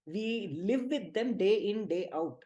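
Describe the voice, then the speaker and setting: A middle-aged woman with an Indian English accent, leading a spiritual teaching talk with lively, emphatic storytelling. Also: mid-range voice, measured pace, dull audio. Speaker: spiritual healing group leader.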